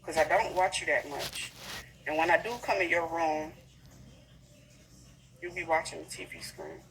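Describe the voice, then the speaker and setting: A woman's voice: low-pitched, moderate pace, fairly bright tone, poor audio. A woman livestream host telling a story in a blunt, profane, heated way. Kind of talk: casual livestream rant.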